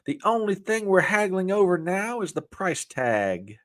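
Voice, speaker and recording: A man doing a high, sly old-time comic drawl. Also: sing-song, a little slow. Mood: sly, mocking.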